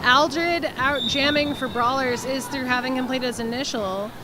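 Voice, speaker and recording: Woman sports commentator, high voice, brisk and wry, clear background noise.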